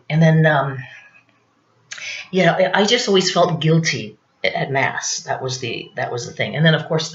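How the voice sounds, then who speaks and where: A woman in her fifties doing a rambling, confessional comic monologue, forever asking "you know what I'm saying". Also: low voice. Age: 50s. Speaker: stand-up comedian. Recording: roomy, dull lo-fi recording.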